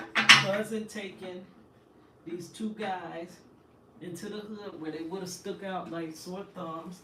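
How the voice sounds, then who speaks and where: Speaking in a lowish, bright, forceful voice, a woman host recounts her own story with emphatic, impassioned indignation. It's emotional personal storytelling, recorded from a distance in an echoey room with faint background noise.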